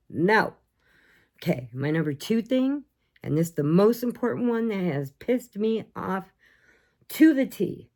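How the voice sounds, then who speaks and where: A woman chatting casually on her own channel, ranting in an animated way and acting out voices for her pets. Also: mid-range voice, normal speed. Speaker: vlogger.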